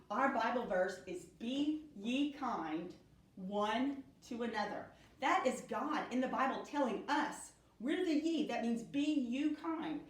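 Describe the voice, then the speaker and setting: A middle-aged woman gives a children's Bible lesson in a slow, sing-song storytelling way. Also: high-pitched, a little mellow. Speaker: Sunday school teacher. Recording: echoey room, speaker far from mic.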